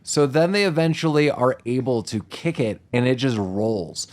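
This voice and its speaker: A man co-hosting a casual podcast, recapping a film with loose, rambling asides. His pitch sits right in the middle of the male range. He keeps drifting into quick side comments. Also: expressive, darkish tone. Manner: rambling, quick asides, mock-quoting characters. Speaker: podcast co-host. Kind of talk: casual movie recap chat.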